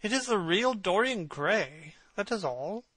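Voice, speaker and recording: A man's voice: high-pitched, animated, measured pace, a bit bright, slightly rough, no echo, pitched above the performer's own voice, exaggerated voice. A man doing a witty languid aristocrat. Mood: airy.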